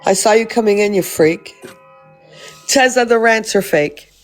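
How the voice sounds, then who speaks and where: A woman's voice: medium pitch, measured pace, soft background music. Blunt, swearing Canadian woman hosting a live. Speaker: livestream host. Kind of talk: livestream commentary.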